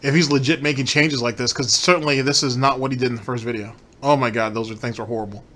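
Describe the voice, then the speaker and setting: A man's voice: mid-range voice, steady tone, fast talker, bright, forceful tone. A man hosting a commentary show, ranting profanely and incredulously about a streamer's clips. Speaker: commentary host.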